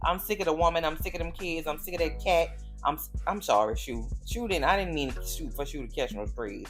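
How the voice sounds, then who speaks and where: A woman's voice: sits low, brisk, faint music behind. Sassy, exasperated woman vlogger. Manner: sassy, animated, exasperated, cursing. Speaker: TV recap YouTuber. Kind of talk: casual vlog commentary.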